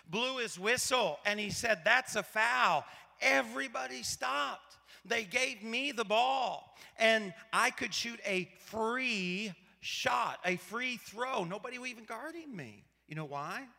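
A pastor from Arkansas, preaching a sermon in a conversational, storytelling way and asking the audience rhetorical questions. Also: male voice, very high-pitched, expressive, a little slow, vocal fry, pushed and bright, big-room sound. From Arkansas, USA.

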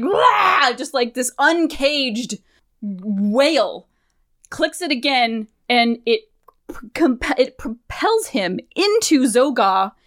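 A woman in her thirties co-hosting a podcast, recapping a game in animated, profane storytelling. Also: high-pitched, no room sound, clean studio sound. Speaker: podcast co-host. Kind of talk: casual game recap chat.

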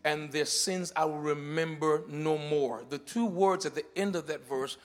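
A man preaching a sermon in a church, moving between shouted declarations and quiet teaching, often repeating words as he explains. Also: on the high side, fairly even intonation, measured pace. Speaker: pastor. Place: church sanctuary.

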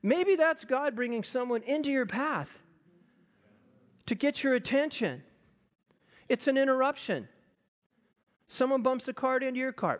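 A man preaching a sermon, animated and acting out quoted voices. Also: extremely high pitch, measured pace, pauses often. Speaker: pastor.

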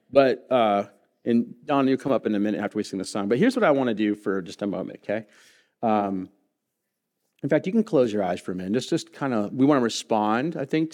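A man's voice: lowish voice, a little fast. Earnest storytelling pastor, a man. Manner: personal storytelling with humor, earnest and animated. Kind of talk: sermon. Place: church sanctuary.

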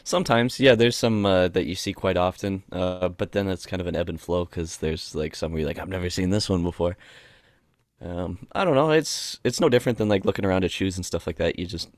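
A man's voice: low voice, a little fast, hardly any pauses, dry recording, studio quality. A man co-hosting a podcast in casual chat, laid-back and joking, often laughing. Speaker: podcast co-host.

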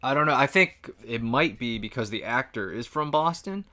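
A man's voice: mid-range voice, moderate pace. A man co-hosting a casual podcast, reviewing films and laughing often. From US East Coast. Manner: animated, laughs often, mimics lines in raised voice. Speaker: podcast co-host. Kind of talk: casual movie-review chat.

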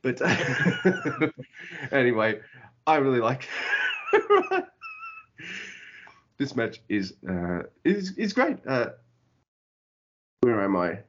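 A man co-hosting a podcast in casual chat, animated and joking, sometimes humming a tune. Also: mid-range voice, very slow, pauses often, background noise. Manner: animated, joking, breaks into sung hums. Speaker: podcast co-host. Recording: dull lo-fi sound.

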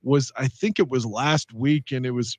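A man's voice: medium pitch, normal speed, dry recording. A man co-hosting a casual sports podcast, talking through games in a wry, conversational way. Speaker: podcast co-host.

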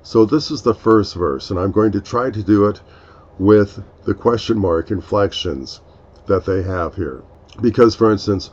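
A man with a lowish voice hosts a reflective devotional talk. He speaks very slowly and earnestly and explains each point with care. The sound is dull and lo-fi. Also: a little mellow. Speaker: podcast host.

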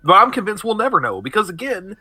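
Bright, wry man chatting. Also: sits high, sing-song, quick pace, slightly rough. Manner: wry, laughs easily, slips into mocking quotes. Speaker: podcast co-host. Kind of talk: casual wrestling chat.

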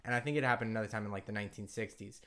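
A man's voice: fairly low pitch, steady tone, rapid-fire, a bit bright. A man co-hosting a podcast, chatting casually, laughing often and trailing off mid-sentence. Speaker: podcast co-host. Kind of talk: casual chat.

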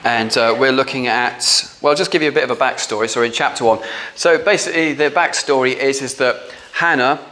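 A man's voice: mid-range voice, a little fast, pushed and bright, a little hiss or hum. A man preaching a conversational sermon, talking in a chatty, informal way with filler words.

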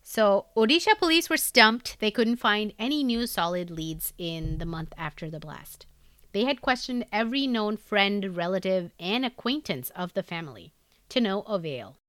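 Bright-voiced woman telling a crime story. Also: mid-range voice, animated, moderate pace, no room sound, studio quality. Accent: Indian English. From India. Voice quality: conversational narration with asides. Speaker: podcast host. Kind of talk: true crime storytelling chat.

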